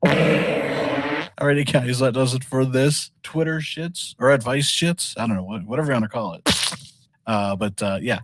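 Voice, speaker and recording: A man's voice: mid-range voice, moderate pace, long pauses, no echo. Man cheerfully reading tweets aloud. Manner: jokey, laughs between readings. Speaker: segment host.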